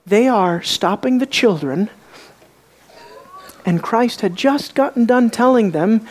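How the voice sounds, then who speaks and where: A woman preaching a sermon, emphatic, swinging from raised questions to quiet, low emphasis. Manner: emphatic, rising and dropping to quiet for effect.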